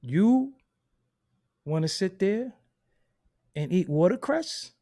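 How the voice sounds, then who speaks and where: A man hosting a hip hop commentary channel, delivering a loud, profane, unfiltered rant and laughing at his own points. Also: high-pitched, very animated, takes it slowly. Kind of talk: unfiltered ranting monologue.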